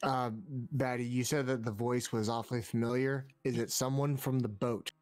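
A man's voice: mid-range voice, steady tone, moderate pace, a little mellow, dry recording. A man playing a tabletop role-playing game, with a mid-range voice recorded dry and close. He chats casually, checking rules and his options. Faint music plays underneath. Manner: casual, asks rules questions, uses fillers. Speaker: player.

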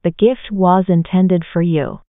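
A woman reading English practice sentences in a plain, steady way for a listening lesson. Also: fairly low pitch, measured pace, dry recording. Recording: tinny, phone-like, dry.

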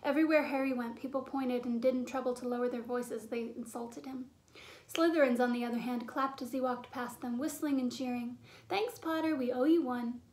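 A woman reading a children's storybook aloud in clear, steady narration. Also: a little high, fairly quick. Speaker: audiobook reader.

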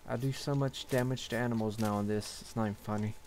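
A man's voice: on the low side, fairly even intonation, quick pace, darkish tone, slight background noise. A young man giving casual gameplay commentary, grumbling and swearing to himself as he plays. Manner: grumbling, profane, talking to himself. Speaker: gaming channel host.

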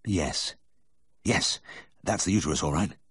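A man's voice: low-pitched, unhurried, slightly rough, no echo, heavily acted. A man voicing a nervous young male veterinary student who stammers and hesitates, in a dry, close audiobook reading. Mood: flustered.

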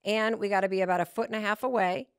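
A woman hosts a podcast in relaxed conversation, her voice in a middle range. She reacts eagerly and trips into quick restarts when she gets excited. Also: mid-range voice, clean tone. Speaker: podcast host. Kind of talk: casual interview chat.

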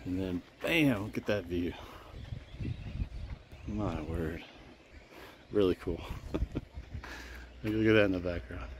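A man's voice: low-pitched, slow pace, long pauses, heavy background noise. A middle-aged man, a gardening vlogger, chatting enthusiastically through a casual travel vlog.

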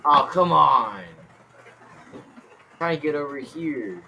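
A young man giving excitable game commentary, rambling and yelping in panic. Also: mid-range voice, takes it slowly, creaky, long pauses, a little hiss or hum. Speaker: gaming YouTuber.

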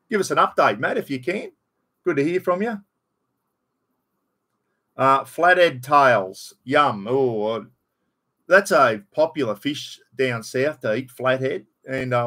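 A man's voice: medium pitch, fairly bright tone, slightly rough. An Australian man hosting a casual live stream, rambling in a matey way, greeting viewers by name and swearing bluntly. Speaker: livestream host.

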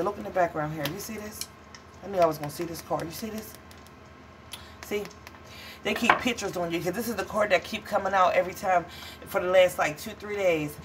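A woman's voice: on the low side, background noise. A woman giving a casual tarot reading to viewers, blunt, profane and dramatic, calling them honey and child. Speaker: tarot reader.

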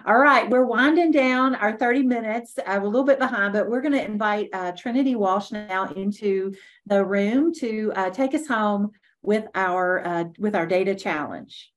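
A woman moderating a webinar panel, friendly and brisk as she hands off to speakers. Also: medium pitch.

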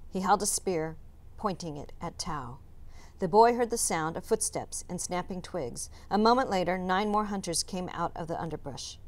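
A woman teacher reading a chapter book aloud, narrating in a calm, measured way. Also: on the low side. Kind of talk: storybook read-aloud narration.

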